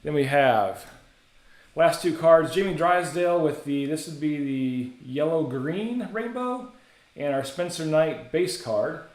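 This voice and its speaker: A man's voice: on the high side, animated, measured pace, echoey room. A man hosting a live card break, casually calling out cards and chatting with viewers. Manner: casual, chatty, rattles off names.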